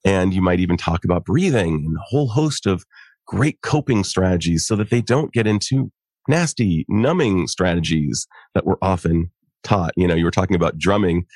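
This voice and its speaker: A middle-aged man, a psychologist and coach, explaining things in an animated way and laughing often during a conversation. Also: low-pitched, normal speed, no echo, clean studio sound. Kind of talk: conversational podcast interview.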